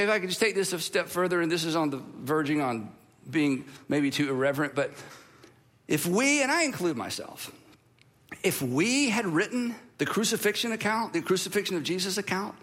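A man's voice: sits high, normal speed, long reverb tail. A male pastor giving a humorous sermon, telling stories with playful drama. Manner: animated, playful dramatic storytelling.

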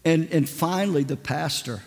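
A man tells stories from the pulpit in a loose, chatty sermon style, full of asides. His voice sits a little on the high side. A long reverb trails behind every line. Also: moderate pace, creaky. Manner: folksy, conversational, lots of "I mean" fillers. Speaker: preacher. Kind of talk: sermon storytelling.

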